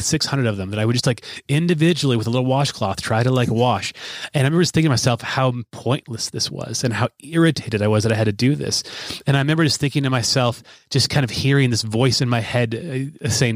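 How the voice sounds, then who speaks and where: A podcast host in his thirties, with a mid-range voice and no room sound, chats casually. He tells a long, rambling story, poking fun at himself and restarting often.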